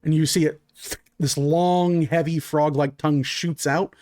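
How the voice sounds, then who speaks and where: A man narrating a tabletop game as game master in a relaxed, filler-heavy way. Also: on the high side, unhurried, no room sound, clean studio sound.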